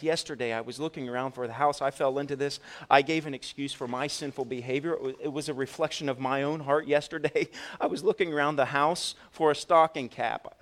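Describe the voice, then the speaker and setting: Animated male pastor telling a story. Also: mid-range voice. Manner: storytelling, animated with swings from loud to soft; repeats words when restarting. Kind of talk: sermon.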